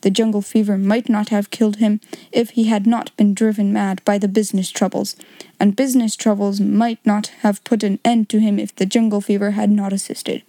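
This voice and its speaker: A woman's voice: medium pitch, little pitch movement, moderate pace, warm tone, dry recording, natural voice. Woman doing a dry, blunt old-fashioned solicitor. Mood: curt disapproval. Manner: clipped, blunt, disapproving. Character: dry nervous critical male solicitor.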